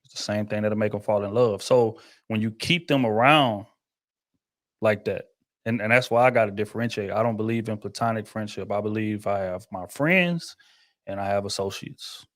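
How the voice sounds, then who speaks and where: A man's voice: on the low side, normal speed, a bit bright. A man hosting a casual panel talk, laid-back and emphatic, with plenty of slang. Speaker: host.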